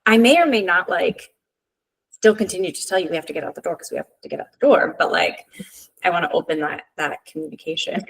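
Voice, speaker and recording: Gravelly-voiced woman telling stories. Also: lowish voice, quick pace, rough recording. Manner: lively storytelling, acts out quotes. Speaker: family therapist guest. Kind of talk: casual podcast conversation.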